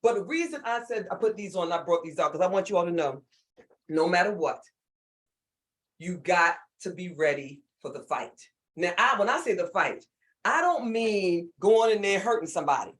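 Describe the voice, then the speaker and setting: A woman from the United States with a Southern drawl, leading an online leadership workshop in a lively, folksy and playful way. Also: medium pitch. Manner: animated, folksy, playful, repeats herself. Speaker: leadership speaker. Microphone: computer mic on a video call.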